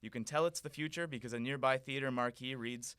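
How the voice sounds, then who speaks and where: Comedy writer reading stage directions, bright voice, dry delivery. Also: male voice, medium pitch, brisk, clean tone. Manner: dry narration, chuckling often. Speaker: comedy podcast guest writer. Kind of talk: reading a comedy script aloud.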